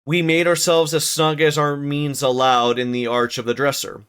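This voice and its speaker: A man's voice: on the high side, flat delivery, moderate pace, a bit bright, clear, resonant tone. A man reading a classic novel aloud on a livestream, with stumbles, rereads and casual asides. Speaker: streamer narrating a novel.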